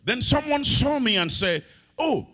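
A husky, high-pitched man from Africa delivers a sermon. His voice leaps all over the place, ringing out in sung phrases and then dropping to hushed, low asides. He is a middle-aged pastor in full flow. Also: very animated, unhurried. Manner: dramatic preaching, swinging between loud sung phrases and hushed low asides.

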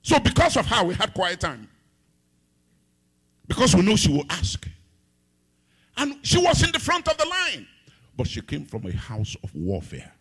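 A middle-aged man from Africa preaching a sermon as pastor, swinging between loud sung-out phrases and hushed, low asides. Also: huge pitch swings, a little slow, pauses often, breathy edge.

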